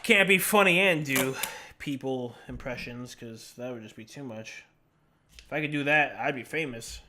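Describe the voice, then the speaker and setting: A man's voice: medium pitch, moderate pace, sharp tone, slight background noise. A young man chatting casually on a live stream, joking and self-deprecating as he talks to his cats and to viewers.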